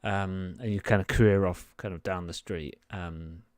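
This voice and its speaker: A man's voice: sits low, steady tone, normal speed, darkish tone, no room sound, clean studio sound. A man running a tabletop game as game master, describing scenes in a hesitant way with many fillers.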